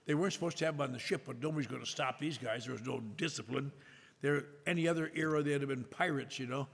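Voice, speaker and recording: An older man telling a self-mocking story to an audience at a recovery meeting, with a wry, drawn-out delivery. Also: medium pitch, gravelly. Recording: echoey hall with faint noise.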